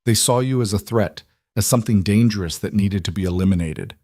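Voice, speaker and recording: A manipulative young alpha king, pleading and earnest, as a man reads him in a storybook audiobook. The voice is low and dry, close to the mic. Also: brisk, dark tone, no echo.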